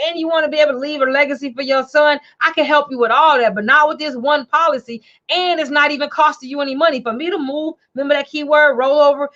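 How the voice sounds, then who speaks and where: A woman from Chicago hosting a casual livestream show, talking in an animated, chatty way and repeating her phrases. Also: high voice, muffled recording. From Chicago, USA. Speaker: show host and financial coach.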